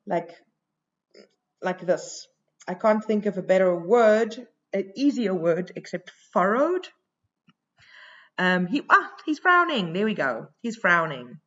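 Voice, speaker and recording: A woman teacher talks slowly through a recorded lesson, thinking aloud and filling her pauses with "um". Her voice sits at an ordinary pitch. The sound is a bit dull and lo-fi. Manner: slow, thinking aloud with many fillers.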